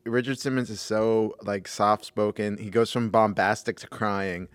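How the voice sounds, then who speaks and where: A man co-hosting a podcast in casual chat, laughing often and breaking into loud impressions. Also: lowish voice, steady tone, a little slow, clear, resonant tone, no room sound. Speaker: podcast co-host.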